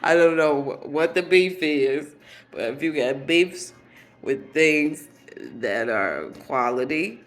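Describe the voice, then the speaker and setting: A woman's voice: deep voice, takes it slowly. A woman telling rambling comedic stories and laughing often at her own jokes. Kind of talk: comedic monologue.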